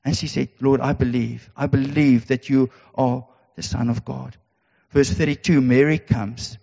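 A man's voice: mid-range voice, fairly even intonation, measured pace, creaky, dark tone. A man preaching a sermon, earnest and repetitive, with emphatic rhetorical questions. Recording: dull sound in a reverberant hall.

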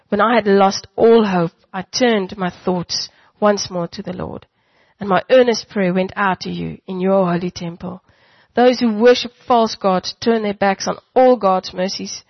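Woman reading scripture aloud, dry lo-fi sound, mid pitch. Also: no room sound. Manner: steady reading, voices the quoted speakers. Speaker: scripture reader.

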